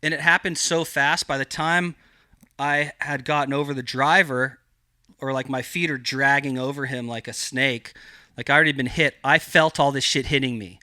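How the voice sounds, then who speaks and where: A man tells a story in loose, profane podcast talk, leaning hard on "like" and "dude." His voice is bright and forceful. The sound is dry and close. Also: medium pitch, moderate pace, no echo. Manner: profane, animated, heavy filler "like". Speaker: podcast guest. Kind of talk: casual storytelling.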